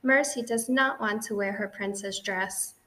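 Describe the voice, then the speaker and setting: A woman's voice: medium pitch, measured pace, bright, forceful tone. A woman voicing a fussy, doting middle-aged housewife in a children's audiobook, with a gushing, genteel, emphatic manner.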